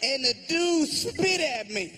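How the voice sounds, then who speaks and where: A man telling a stand-up comedy story, animated and laughing along, over audience laughter. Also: extremely high pitch, slow, a crowd in the background.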